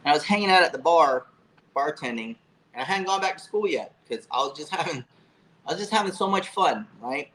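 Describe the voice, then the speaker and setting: A man in his fifties from Florida, telling stories as an interview guest in a casual, profane, animated way with frequent fillers. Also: a little high, a little fast, slight background noise, low-quality recording. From Florida, USA. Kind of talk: casual storytelling.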